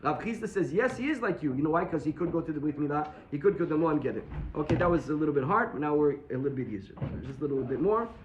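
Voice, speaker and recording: A man's voice: on the high side, lively intonation, very fast, hardly any pauses, reverberant, noisy background. A man teaching a daily Talmud class to students, explaining step by step and answering his own questions. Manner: explains step by step, repeats points and asks rhetorical questions.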